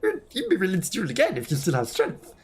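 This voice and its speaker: A courtly insect knight bound by honor, speaking in stiff, old-fashioned phrases, as a man puts on the voice while reading game text. The voice sits a little high and swoops lively across its range, theatrical and formal. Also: fast, a crowd in the background.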